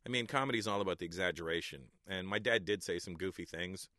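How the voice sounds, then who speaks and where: A man's voice: sits low, fast, sharp tone, no room sound, studio quality. A Canadian man in his forties, a comedian guest in a radio interview, talking in a laid-back, candid and blunt way.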